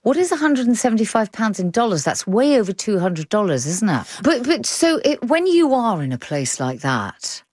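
A woman presenting a radio arts programme, moving briskly between playful questions and scripted introductions. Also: mid-range voice, very animated, darkish tone, no room sound, studio quality. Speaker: radio host.

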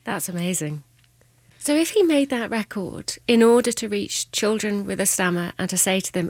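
A woman hosting a radio interview, asking measured questions and closing the show. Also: mid-range voice, lively intonation, no room sound. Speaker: radio host.

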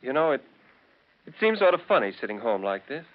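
An earnest young fiancé, played by an actor, speaks mildly and haltingly in a mid-pitched voice. The 1940s radio recording sounds dull. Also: male voice, very animated, natural voice. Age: young adult. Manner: mild, hesitant.

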